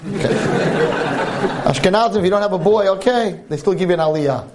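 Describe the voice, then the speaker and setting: A man's voice: high-pitched, fairly quick, background noise. A man giving a storytelling holiday sermon, humorous and preachy by turns. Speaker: speaker at a holiday talk.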